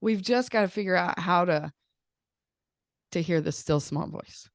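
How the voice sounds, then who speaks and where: A woman who is a mother, hosting a podcast in casual chat, talking fast with lots of "like" and animated storytelling. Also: lowish voice, no room sound, clean studio sound. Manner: chatty, says "like" often, animated storytelling. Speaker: podcast host; mother of young children.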